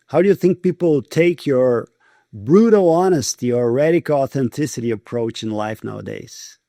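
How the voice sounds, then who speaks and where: Gravelly Brazilian-accented man host. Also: medium pitch, expressive, normal speed, mellow, dry recording, studio quality. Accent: Brazilian Portuguese. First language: Portuguese. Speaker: podcast host. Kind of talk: conversational interview.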